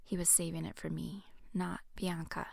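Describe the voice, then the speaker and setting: A woman reading her own romance novel aloud in a soft, hushed first-person narration. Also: lowish voice, little pitch movement, normal speed, gravelly, no echo, clean studio sound. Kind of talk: audiobook narration.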